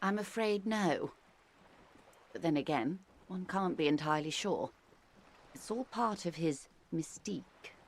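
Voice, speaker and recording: A woman voicing a worldly, wry older woman in a video game, arch and measured, explaining things with dry irony. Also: on the low side, expressive. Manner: arch, measured, dryly ironic.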